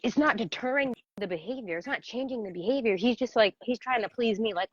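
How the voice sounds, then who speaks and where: A woman's voice: fairly high pitch, brisk, husky, no room sound. Woman coach telling stories on a call. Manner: animated storyteller, laughs often, acts out voices. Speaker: parenting coach, guest. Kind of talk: casual interview conversation. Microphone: video call. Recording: dry, dull video-call audio.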